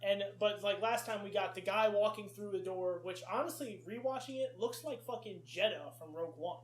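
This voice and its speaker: A man co-hosting a casual podcast chat, excited and quick to laugh. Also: sits high, reverberant. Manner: excited, laughs often, quotes movie lines. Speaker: podcast co-host.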